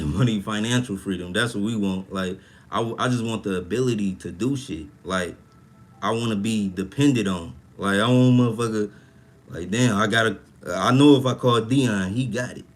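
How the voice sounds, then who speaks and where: A young man hosting a casual livestream, talking in a profane, rambling way and reacting to chat comments. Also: lowish voice. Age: young adult. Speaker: livestream host. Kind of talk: casual livestream talk about money.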